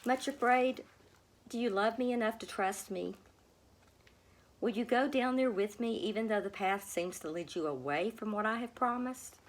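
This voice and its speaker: A woman doing a gentle shepherd man. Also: on the high side, normal speed, pitched above the performer's own voice, natural voice. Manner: gentle, calm. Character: gentle, kind male shepherd guide.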